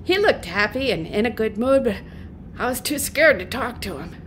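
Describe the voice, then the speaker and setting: A middle-aged woman and folk singer, a guest, telling a humorous story in a lively, self-mocking way, often laughing. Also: fairly high pitch, moderate pace, a little hiss or hum.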